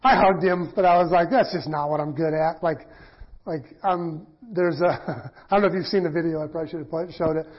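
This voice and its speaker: Husky high-voiced man, chatty sermon. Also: steady tone, brisk. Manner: conversational, self-deprecating, acts out quoted voices. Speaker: pastor. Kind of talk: casual sermon teaching. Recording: dull lo-fi church audio.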